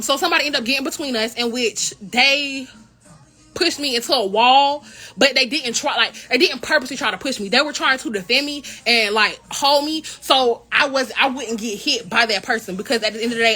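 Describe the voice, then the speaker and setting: A young woman, a member of a college royal court, telling an indignant, animated story in a casual vlog. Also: a little high, normal speed, faint music behind. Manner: animated, indignant retelling with quoted dialogue.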